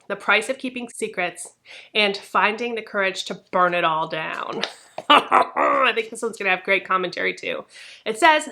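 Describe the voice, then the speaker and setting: A woman's voice: mid-range voice, pushed and bright. A woman hosting a book channel, chatting enthusiastically and reading book blurbs aloud. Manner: chatty, enthusiastic, laughs easily. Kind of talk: casual book chat, reading synopses aloud.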